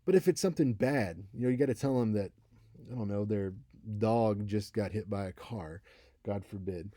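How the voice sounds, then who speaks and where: A man's voice: fairly low pitch, normal speed, mellow, dry recording, clean studio sound. A man in his thirties giving a casual, conversational college lecture on speaking, now and then acting out example voices. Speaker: college instructor. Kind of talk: recorded lecture.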